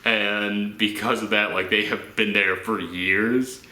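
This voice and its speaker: A man talks through a movie in a loose, rambling way, slipping into silly voices to act out scenes. His voice is on the low side but bright and edgy. The room around him is echoey. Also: takes it slowly. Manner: rambling, animated, acts out quotes in silly voices. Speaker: movie reaction host. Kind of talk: casual movie discussion.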